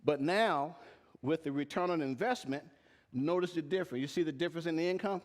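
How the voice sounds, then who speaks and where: Fairly quick and a little high-pitched, a man's voice leads a live-streamed lesson on tax and payroll. He speaks plainly and with emphasis, frequently quizzing the audience in front of him.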